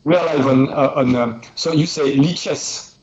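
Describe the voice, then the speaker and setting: Man, strong French accent, halting speech, frequent fillers, average pitch, muffled lo-fi sound. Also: darkish tone. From France. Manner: halting, many "uh" fillers and restarts. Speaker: chess stream host. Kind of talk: casual live-stream chat. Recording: dull lo-fi stream audio.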